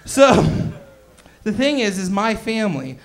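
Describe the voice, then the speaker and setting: A man in his twenties doing a stand-up comedy set on a club stage, loud, crude and bantering with the crowd. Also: sits high, big pitch swings, takes it slowly. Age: 20s.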